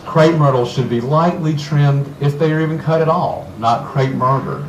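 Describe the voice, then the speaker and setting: A man from Georgia with a Southern accent, giving a storytelling lecture as a garden author to an audience, animated and often chuckling. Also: on the high side, moderate pace, dull audio, background noise. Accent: Southern American. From Georgia, USA. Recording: roomy, distant mic with faint ambience.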